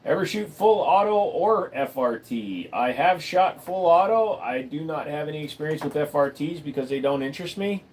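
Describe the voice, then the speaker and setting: Blunt, deadpan man answering chat. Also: fairly high pitch, normal speed, hardly any pauses, slight background noise. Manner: blunt, deadpan, crude humor. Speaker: livestream host. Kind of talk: casual livestream Q&A, answering chat. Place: room at home full of computer gear.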